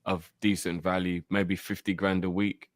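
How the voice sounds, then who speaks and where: A man's voice: low voice, level tone, moderate pace, no echo. A man co-hosting a fan channel, arguing about player wages in casual chat. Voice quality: argumentative, checking facts.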